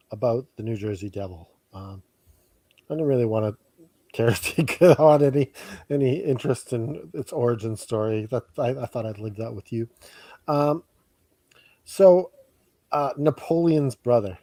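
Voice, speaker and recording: A man's voice: mid-range voice, warm tone, dry recording. Joking man on a casual podcast. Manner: rambling, joking, laughs often. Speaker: podcast co-host. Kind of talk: casual chat.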